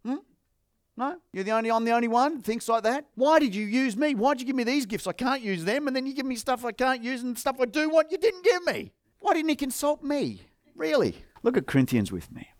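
A man's voice: very high-pitched, sing-song, brisk, dry recording, clean studio sound. An Australian man preaching a sermon as pastor, firing rhetorical questions at the congregation.

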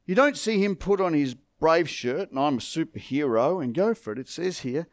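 Emphatic preacher, high animated voice. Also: male voice, normal speed, dry recording, clean studio sound. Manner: emphatic, dramatic preaching swinging from hushed to forceful. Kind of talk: sermon.

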